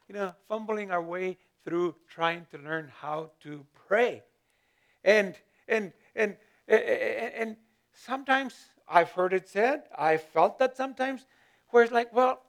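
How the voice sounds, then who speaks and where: A man's voice: high-pitched, a bit bright. A male pastor giving a conversational sermon, often repeating words as he searches for them and lifting his voice for emphasis.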